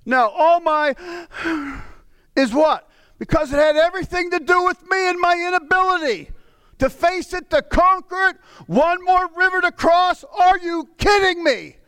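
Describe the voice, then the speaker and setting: Here a middle-aged pastor's sermon veers between fervent, raised cries and soft, weary murmuring. The pace is moderate and the tone a bit bright.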